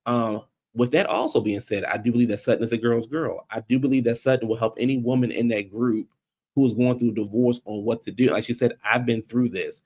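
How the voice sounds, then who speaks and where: Gravelly man giving blunt recap commentary. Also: brisk. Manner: animated, acts out quotes in high voices; blunt and slangy. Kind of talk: casual commentary.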